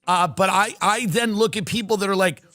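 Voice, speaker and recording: With a high-pitched voice and a slightly quick delivery, a middle-aged New York man rambles through humorous stories during a casual live stream. His animated rants are peppered with quoted impressions, and there's no echo.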